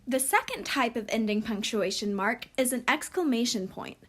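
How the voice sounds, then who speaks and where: A woman teaching a recorded lesson, speaking slowly and clearly for young children. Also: on the high side, lively intonation, fairly bright tone.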